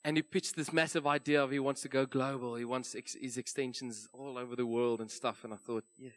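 A man with a South African accent preaching a church sermon in a relaxed, conversational storytelling manner. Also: mid-range voice, a little fast. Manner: conversational storytelling, light laughs. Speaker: pastor.

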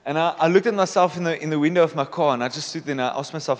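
Talking very fast with hardly any pauses, a pastor in his thirties with a fairly high voice delivers a confessional personal testimony in a large church hall. Throughout the sermon he checks in with the congregation, asking "okay?" again and again.

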